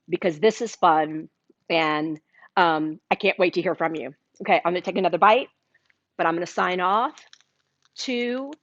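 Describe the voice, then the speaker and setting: A woman hosts a live cooking demo from her kitchen, talking to her viewers in a chatty, enthusiastic way at an unhurried pace. The livestream audio sounds dull and dry, with no room echo. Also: medium pitch. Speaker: cooking show host. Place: home-style kitchen. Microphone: livestream camera mic.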